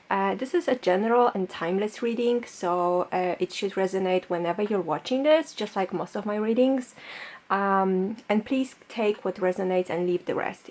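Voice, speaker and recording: A woman's voice: mid-range voice, darkish tone. A woman tarot reader doing a pick-a-card reading straight to the camera. She talks in a loose, reassuring way, with lots of fillers.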